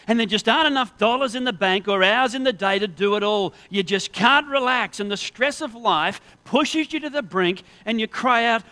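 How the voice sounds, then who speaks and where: A pastor delivers his sermon in a bright, higher-pitched male voice. He talks to the congregation earnestly and conversationally. He builds his points through lists of everyday scenarios. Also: moderate pace, few pauses.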